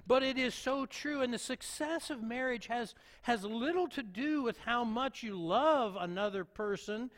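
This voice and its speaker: A pastor with a notably high voice preaches a sermon, earnest and emphatic, circling back to repeat his key points. His words ring out with a long reverb like a big sanctuary, at a measured pace with hardly any pauses and a fairly bright tone.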